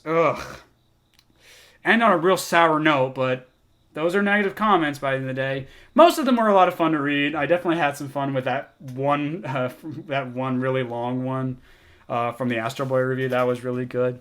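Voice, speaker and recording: A man's voice: mid-range voice, moderate pace, a bit bright. A young man ranting in a comment reaction vlog, exasperated and sarcastic, swearing a lot. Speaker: video essayist.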